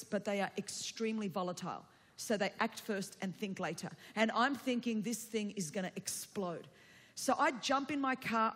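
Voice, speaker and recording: A woman's voice: on the high side, fairly bright tone, big-room sound. A woman, telling a personal story from the pulpit in a chatty, humorous sermon. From Australia. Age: 40s. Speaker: preacher.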